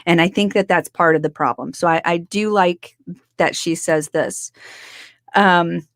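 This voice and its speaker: Enthusiastic young woman co-host, slightly low voice, dry close sound. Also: steady tone, a little slow, dry recording. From United States. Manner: enthusiastic, repeats words as she restarts. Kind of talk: casual podcast chat.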